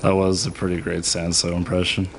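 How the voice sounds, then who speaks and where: Deep-voiced self-mocking speedrunner man. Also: completely flat delivery, brisk, very noisy. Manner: self-deprecating, laughs often. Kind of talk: live speedrun commentary.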